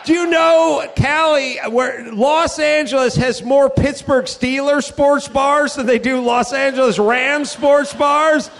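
A man with a fairly high voice holds a comedy club stage, rambling through profane, riffing stories as the show's host. His delivery is loose and conversational, one tangent spilling into the next. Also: fairly even intonation, slow pace, vocal fry, few pauses, a bit bright. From California. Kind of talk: live comedic monologue.

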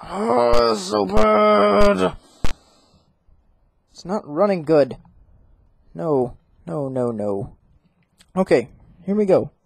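A let's play gamer giving horror game commentary, talking back to the game and reading its text aloud, jittery and quick to break into frightened yelling. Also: mid-range voice, a little hiss or hum, rough recording. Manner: reads on-screen text aloud.

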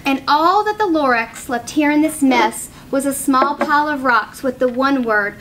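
A woman reading a rhyming children's story aloud with a rhythmic, expressive delivery. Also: sits high, normal speed, hardly any pauses, slight background noise.

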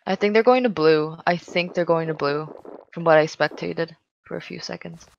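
Giggly young woman gaming, lowish voice. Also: normal speed, vocal fry, highs cut off, a little hiss or hum. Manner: giggly, teasing, excitable exclamations. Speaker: gamer. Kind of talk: casual gaming chat.

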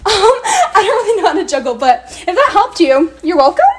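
A woman's voice: very high voice, big pitch swings, normal speed, slight background noise. A young woman talking playfully and giggling to the camera in a casual vlog.

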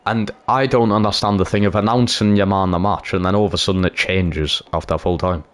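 A man giving live commentary over a football game he is playing, excitable and quick to cheer or groan. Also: deep voice. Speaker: gaming YouTuber.

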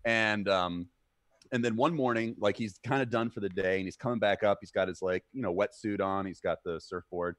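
A man's voice: on the low side, a little fast, dry recording. A man co-hosting a casual stream, telling stories and acting out the people in them. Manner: animated, acts out voices in stories, swears casually. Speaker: podcast co-host. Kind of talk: casual chat, storytelling.

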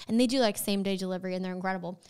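A woman's voice: mid-range voice, steady tone, rapid-fire, a little mellow, clear, resonant tone. A woman co-hosting a podcast in casual chat with her sister, telling stories with lots of "like" and dramatic gasps. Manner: chatty storyteller, lots of "like" and gasps. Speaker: podcast co-host.

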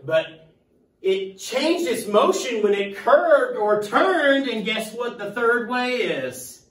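Male teacher, playful and jokey, high voice, roomy classroom sound. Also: expressive, slow pace, a bit bright. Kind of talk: classroom lesson. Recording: echoey room, mic at a distance.

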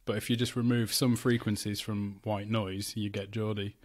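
Man with a lowish voice, guest on a home-recorded chat podcast, playful and jokey. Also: little pitch movement, moderate pace. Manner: jokey, trying out regional accents. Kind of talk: casual chat. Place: living room of a flat, indoors.

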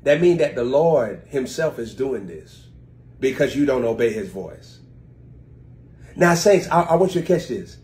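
A man preaching over a live stream, his voice sitting in an ordinary middle register. He reads verses slowly, then breaks into loose, chatty explanation aimed at his online viewers, rising sharply and louder when he presses a point. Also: medium pitch, sing-song. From United States. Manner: reads scripture slowly, then explains it with sudden loud swings.

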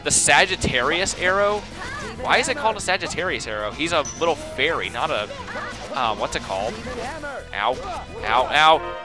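A man talks his way through a video game, chatty and quick to get excited as things go wrong. His voice sits a bit high for a man. Game music plays clearly under everything he says. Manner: chatty, excitable, talks to himself while playing. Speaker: let's play host. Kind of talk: casual gameplay commentary.

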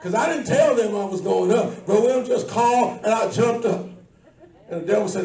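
A woman preaching a sermon to a congregation, shifting between low asides and loud shouting. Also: moderate pace, far from the mic. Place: church sanctuary. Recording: echoey church, mic from afar. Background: faint congregation.

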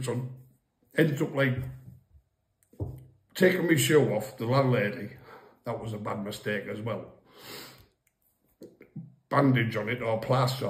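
A man's voice: mid-range voice, reverberant. A man casually telling a crude, rambling pub story, often laughing at his own tale. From England.

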